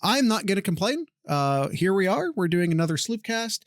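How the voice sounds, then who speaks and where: Guy cohosting a podcast from home, kinda high voice, joking around and cutting in, dry close mic. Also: big pitch swings, moderate pace, no echo. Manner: joking, teasing, talks over his co-host. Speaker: podcast co-host. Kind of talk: casual podcast banter. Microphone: desk microphone with noise gate.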